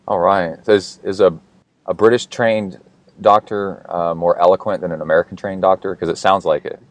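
A man hosts a podcast in a low voice, casual and quick to laugh. The recording is dry and close. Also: fairly even intonation, no echo. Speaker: podcast host. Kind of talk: podcast interview.

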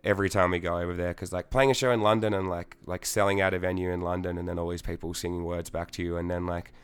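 A man's voice: sits low, flat delivery, fast, clean tone. A young Australian man, a singer in a band, chatting casually in an interview, rambling with lots of fillers, swearing and laughing.

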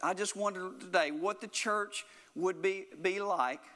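A man delivers a sermon with earnest, insistent repetition, circling back and restarting his phrases as he presses his point. His voice sits a little higher than most men's, and it rings out with a long reverb that fills the hall around him. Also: measured pace, pushed and bright. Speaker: preacher.

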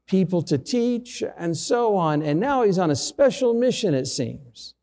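A man's voice: high-pitched, mellow, long reverb tail. A middle-aged man, a pastor, preaching a sermon through a personal story with self-deprecating humor.

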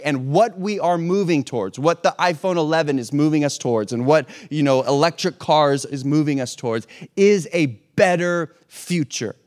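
Conversational preacher, slightly high male voice. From hurricane-prone region. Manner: conversational, with repeated restarts and rhetorical questions. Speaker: pastor. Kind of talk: sermon.

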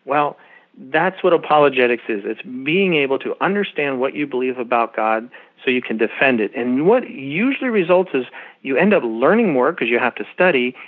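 Middle-aged guy on a tinny phone line, earnest and preachy, explaining stuff. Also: medium pitch. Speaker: guest. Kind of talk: interview guest on a phone line.

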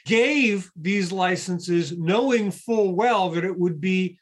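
A man in a conversational podcast discussion, an animated storyteller who acts out the people he quotes. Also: high-pitched, takes it slowly.

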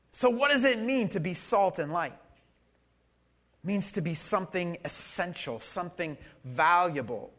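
A man preaching a sermon to a church congregation, animated and conversational, swinging from loud emphasis to soft asides. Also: high-pitched, unhurried. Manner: conversational, with fillers and audience questions. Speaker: pastor. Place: church service.

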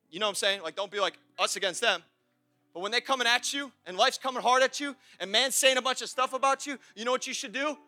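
High bright-voiced passionate young male preacher. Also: brisk, pauses often, dry recording, faint music behind. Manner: passionate, swings from shouting praise to quiet confession. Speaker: pastor. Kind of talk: sermon. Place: church service.

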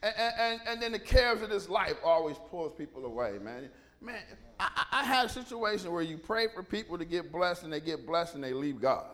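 A man's voice: sits high, expressive, brisk, few pauses, fairly bright tone. A male pastor preaching a sermon, telling the story with animation and many restarts.

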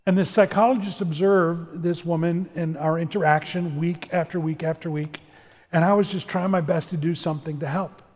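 A middle-aged man with a notably high voice preaches earnestly, slipping into the voices of people in his stories. The sound carries a long reverb tail, as in a big hall. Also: normal speed. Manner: earnest, animated, acts out quoted dialogue. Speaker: pastor. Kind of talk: sermon-style talk with storytelling. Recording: long reverb of a large room.

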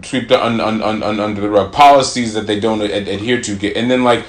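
A man's voice: lowish voice, steady tone, brisk, roomy sound. A man co-hosting a podcast, chatting casually, rambling and stumbling over repeated words. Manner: rambling, loses his train of thought, repeats words. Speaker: podcast co-host. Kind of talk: casual chat.

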